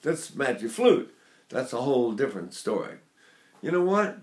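Lively older male voice teacher. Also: mid-range voice, normal speed. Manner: animated, digressive, demonstrates vocal sounds. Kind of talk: singing lesson with sung demonstrations. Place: Seattle area.

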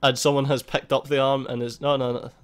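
A man giving casual, excitable gameplay commentary, swearing a lot and laughing at the game. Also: medium pitch, brisk. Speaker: gaming YouTuber. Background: faint game music.

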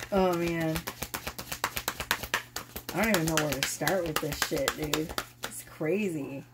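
A woman's voice: medium pitch, background noise. A woman in her thirties who is losing her voice, chatting casually and swearing as she reads tarot cards to camera. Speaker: tarot reader.

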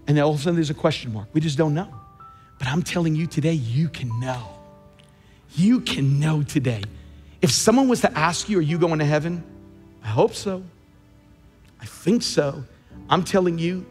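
A man's voice: fairly high pitch, animated, brisk, darkish tone, big-room sound, faint music behind. A man preaching a sermon as pastor, emphatic, repeating key phrases for weight. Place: large church.

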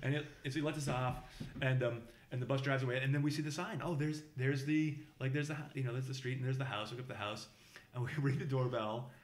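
Man, casual rambling storyteller, lots of ums and restarts, imitates the people he quotes, mid-pitched voice, echoey room. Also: fairly even intonation, fast talker. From Boston, USA. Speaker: podcast guest telling a travel story.

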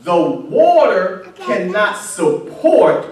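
Very high-voiced man preaching in echoing church. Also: sing-song, drawn-out words, a little mellow, a little hiss or hum. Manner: emphatic call-and-response preaching, crying out. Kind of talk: sermon. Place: church sanctuary. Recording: very echoey church from a distance.

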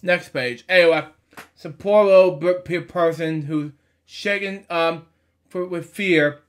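A man with a fairly high voice reads a children's book aloud at an unhurried pace. He stumbles, fills gaps with fillers and corrects himself, then breaks off for casual asides before moving on to the next page. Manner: stumbling reader, frequent fillers and self-corrections; chatty asides between pages. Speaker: storybook reader. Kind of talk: halting picture-book read-aloud.

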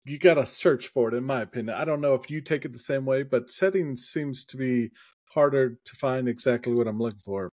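A man's voice: mid-range voice, fairly quick, darkish tone, no echo, studio quality. Easygoing man on a headset. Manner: easygoing, hedging with "in my opinion" and filler ums. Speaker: podcast co-host. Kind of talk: casual tech podcast chat.

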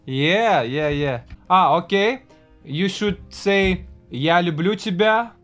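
A man's voice: high voice, lively intonation, slow, a bit bright, soft background music. A man from Russia with a Russian accent, chatting in a friendly way with strangers on a video call. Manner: friendly, teaching words, breaks into song. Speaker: musician host. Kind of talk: casual video chat.

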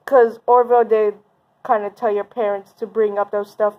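A woman voicing a strict school principal in a game role-play, talking lower, dry and bossy. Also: flat delivery, moderate pace, narrow, tinny audio, close to an everyday voice. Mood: stern.

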